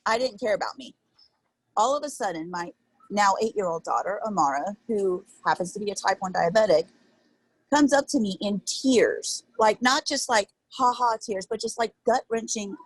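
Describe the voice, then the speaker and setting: A woman in her thirties, appearing as an interview guest, tells a candid personal story in an earnest, emotional, rambling way. Her medium-pitched voice is slightly rough, and the rough recording has no echo.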